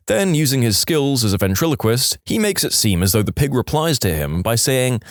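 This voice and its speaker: Man reading jokes with wildly swinging pitch. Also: sing-song, a little fast, few pauses, no echo, clean studio sound. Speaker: podcast host.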